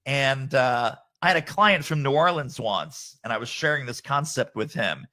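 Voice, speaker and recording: A man's voice: medium pitch, animated, normal speed, sharp tone. A man as a podcast guest author, speaking emphatically and rattling off lists of points. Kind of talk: podcast interview.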